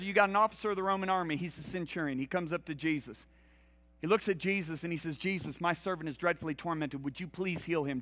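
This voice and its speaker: A man preaching a sermon in a church, telling Bible stories dramatically and acting out the voices, swinging from loud to hushed. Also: high voice, big-room sound.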